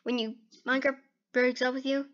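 A woman hosting a gaming video, giving casual reaction commentary in an excitable, chatty way, saying okay and dude over and over. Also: sits high, a little fast, dull audio.

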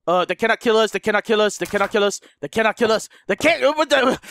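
A man commentating a horror game, panicking loudly, swearing and laughing. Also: high-pitched, quick pace, few pauses, a little hiss or hum. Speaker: gamer commentator. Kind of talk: let's play commentary.

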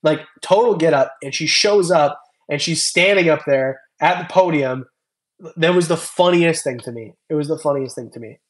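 During a casual livestream, a young reptile channel host goes through comments, thanking viewers by name and rambling as he talks. His voice is on the high side and his speed is normal.

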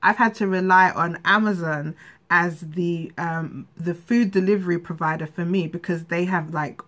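A woman's voice: lowish voice, fairly even intonation, normal speed, a bit bright. A woman venting in a candid personal vlog, rambling and frustrated, with frequent restarts. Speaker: vlogger.

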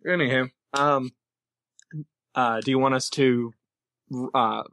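A man's voice: mid-range voice, fairly even intonation, slow, a bit bright, slight background noise. A man playing a tabletop game, thinking aloud and planning strategy with the group. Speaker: player.

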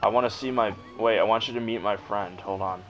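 A man's voice: on the low side, steady tone, brisk, a bit bright, poor audio. A young man commentating casually over gameplay, crude and joking, swearing a lot. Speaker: gamer. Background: game music.

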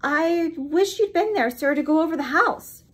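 A woman's voice: sits high, lively intonation, normal speed, voice pushed up. A woman reading aloud and voicing an earnest young Englishman who answers politely and deferentially.

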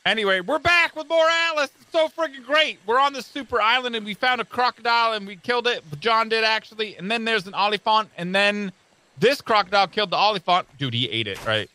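A young man narrating his gameplay with high, bouncy energy. His voice is high and very bright, jumping all over the place as he yells and jokes with his friend. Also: fairly quick. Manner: excitable, shouts and jokes. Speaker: let's play host. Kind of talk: excited gameplay chat.

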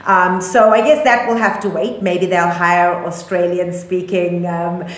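A woman's voice: lowish voice, flat delivery, unhurried, roomy sound. A woman with a South African accent co-hosting a casual news podcast, chatty and full of ums, laughing easily. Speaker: podcast co-host.

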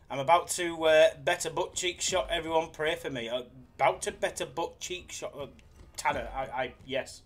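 A young man with a slightly high voice speaks at normal speed while hosting a casual live stream about slots. He's jokey and chatty, reading viewers' messages out loud.

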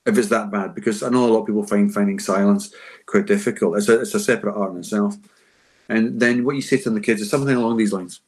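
A man's voice: fairly low pitch, fairly even intonation, quick pace. A man answering teachers' questions in an unscripted session, emphatic and conversational. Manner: emphatic and conversational, acting out classroom lines. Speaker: school behaviour adviser answering teachers' questions.

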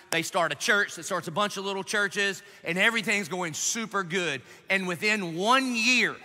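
A man preaching a lively sermon as pastor to a church congregation, animated and joking, pleading and emphatic in turn. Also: sits high. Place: large church auditorium. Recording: long reverb of a large church hall.

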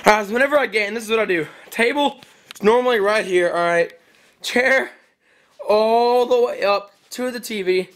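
A young man giving a rambling, excitable vlog update, heard through a camera mic a little way off. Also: high voice, normal speed, distant mic, a little hiss or hum. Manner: rambling, excitable, self-correcting. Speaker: vlogger.

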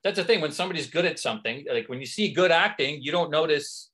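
Lively male comedian telling stories. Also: a little high, fast talker, breathy edge. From Canada. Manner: lively anecdotal storyteller. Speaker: actor and comedian guest. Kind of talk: casual interview storytelling.

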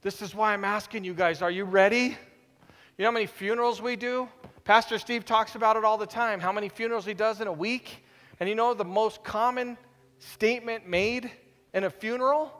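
Male pastor, sermon, high voice, animated, hushed-to-loud swings, long church reverb. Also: fairly quick. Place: church sanctuary.

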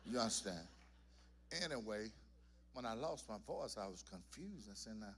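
A man's voice: mid-range voice, very animated, normal speed, a little hiss or hum. A church singer telling his testimony to the congregation in a folksy storytelling manner. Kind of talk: spoken testimony in a worship service. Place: church sanctuary.

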